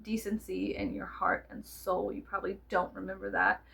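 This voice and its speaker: A woman's voice: mid-range voice, little pitch movement, moderate pace, gravelly, sharp tone. A woman, chatting casually to camera in a rambling, giggly, profane way full of fillers. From South Texas. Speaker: vlogger.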